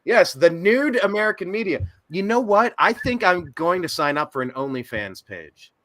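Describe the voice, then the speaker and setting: A man hosting a casual podcast chat, joking and animated. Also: high-pitched, normal speed. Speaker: host.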